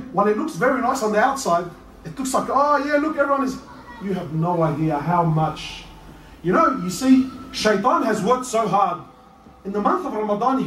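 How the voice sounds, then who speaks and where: A man delivers a lively sermon, swinging between joking asides and shouted emphasis. His voice sits very high for a man. He is heard from a distance in an echoey hall with faint background noise. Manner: animated, rising to shouts, playful asides. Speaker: preacher.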